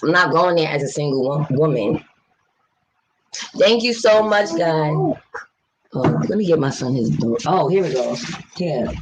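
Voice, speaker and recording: A woman's voice: deep voice, a little hiss or hum, poor audio. A woman, a mother, chatting casually on a livestream and reading out viewer comments. Blunt, outspoken and often profane. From New York City. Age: adult mother of young children. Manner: fast, animated rants. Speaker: vlogger.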